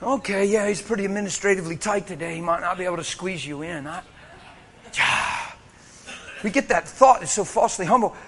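A man preaching in a high, bright voice. He tells his story with animated energy and breaks into shouts and laughter. His tone is sharp and forceful. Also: fairly quick, a little hiss or hum. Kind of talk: sermon.

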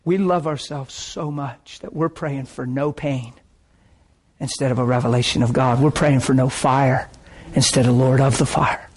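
A man preaching a sermon, telling a personal story in a dramatic, emotional way that breaks into shouts and laughter. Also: medium pitch, fairly even intonation, normal speed, breathy edge, rough recording.

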